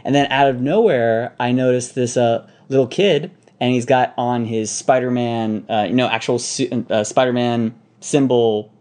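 An adult cosplayer talking casually in an interview, easygoing and halting, with many pauses and restarts. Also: medium pitch, fairly even intonation, a little mellow. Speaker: cosplayer guest.

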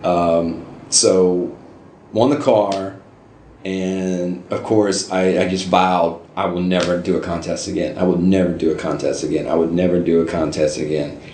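A middle-aged man casually telling stories as an interview guest, with animated jumps into high voices for quoted reactions. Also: measured pace. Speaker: interview guest, costume hobbyist. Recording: roomy with faint ambient noise.

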